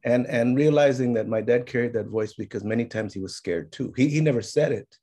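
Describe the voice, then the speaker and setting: A middle-aged man telling family stories in a reflective conversation, slipping Spanish phrases in among many fillers and growing animated as he goes. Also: mid-range voice, fairly quick. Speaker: speaker sharing his life's work.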